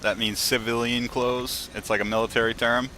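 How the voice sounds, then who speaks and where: Bright-voiced man chatting while gaming. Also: medium pitch, level tone, moderate pace, slight background noise. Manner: rambling, chatty, laughs while telling stories. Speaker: gaming streamer. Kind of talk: casual gameplay commentary.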